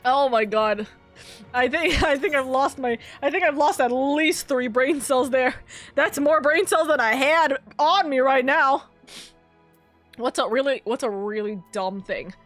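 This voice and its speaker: A woman's voice: high-pitched, normal speed, fairly bright tone. A woman with a stuffed nose streaming a game, giggling constantly and swearing casually. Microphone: streaming mic. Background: faint game music.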